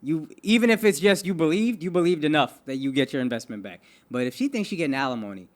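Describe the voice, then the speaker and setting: A man co-hosting a comedy podcast, animated in telling stories and trailing off into low mumbles. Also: fast. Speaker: podcast co-host. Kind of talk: casual comedy podcast banter.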